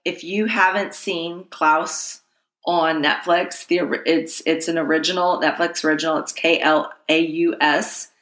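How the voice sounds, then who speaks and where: A woman hosting a podcast in casual chat, emphatic, agreeing often and laughing loudly. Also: deep voice, fairly even intonation, measured pace. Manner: emphatic, frequent yeahs and loud laughs. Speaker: podcast host. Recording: echoey room.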